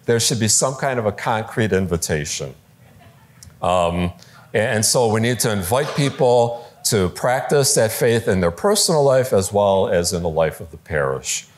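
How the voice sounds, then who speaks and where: A man giving a conversational talk on preaching to a live audience, lively, with fillers and quoted voices, in a large room. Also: lowish voice, moderate pace. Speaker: speaker teaching preachers.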